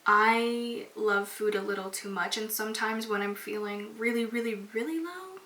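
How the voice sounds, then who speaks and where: On her own podcast, this young woman talks candidly and emotionally, casual in tone and saying "like" often. Her voice is on the high side, bright and forceful at a moderate pace, and the sound is distant and echoey with a faint hiss.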